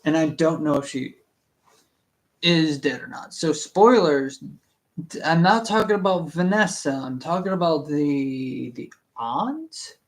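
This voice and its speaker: A man's voice: fairly high pitch, a little slow. A young man hosting a casual book reading stream, rambling and stammering with many fillers and restarts. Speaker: book reading channel host. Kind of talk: casual rambling livestream chat.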